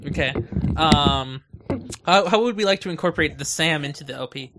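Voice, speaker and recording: A man's voice: fairly high pitch, fairly quick, heavy background noise. A man hosting a podcast, casually directing his co-hosts during setup. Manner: bossy, directing the others. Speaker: podcast host. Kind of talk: casual chat.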